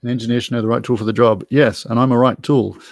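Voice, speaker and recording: A man's voice: mid-range voice, steady tone, quick pace, creaky, dry recording, studio quality. A man hosting a live online pub quiz from home, chatty and rambling with self-mocking asides. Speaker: quiz host. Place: room at home.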